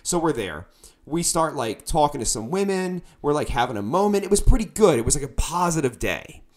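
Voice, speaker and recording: A man, a musician, telling a tour story in casual chat, animated and bursting into loud quoted lines. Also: on the high side, a little fast.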